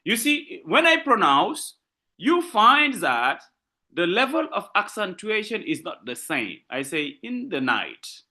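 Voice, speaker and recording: A man with a French-speaking West African accent giving an online literature lecture, repeating examples and stressing words slowly. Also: high-pitched, very animated, bright, forceful tone.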